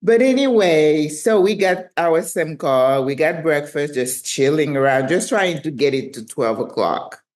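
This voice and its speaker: A woman's voice: low voice, animated, a little slow, few pauses, darkish tone. A woman in her sixties with a French accent, telling a travel story to camera from her living room in a chatty, self-teasing way. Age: 60s. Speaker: retirement travel vlogger.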